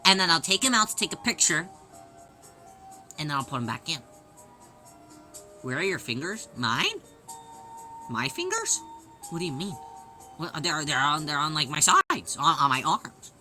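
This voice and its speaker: A woman hosting a casual livestream, chatting and answering viewers' questions in a lively way with many restarts. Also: low voice, moderate pace, pauses often, faint music behind. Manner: animated, reads and answers chat, many restarts. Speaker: livestream host.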